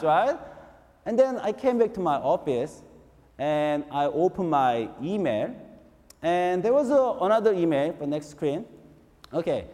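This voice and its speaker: Male pastor, animated sermon storytelling, high voice, long hall reverb. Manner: animated, repetitive storytelling with frequent rhetorical "right?".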